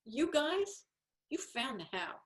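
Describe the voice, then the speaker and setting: A woman's voice: high voice, very animated, takes it slowly, a bit bright. A woman home-organizing coach giving a chatty, encouraging talk while sharing her screen. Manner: chatty and encouraging, acts out little quoted voices.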